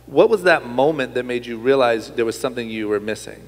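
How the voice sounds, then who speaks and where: A man's voice: medium pitch, expressive, a little fast. Probing male host, reverberant room. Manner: probing, asks follow-up questions. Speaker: podcast host. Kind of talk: casual interview.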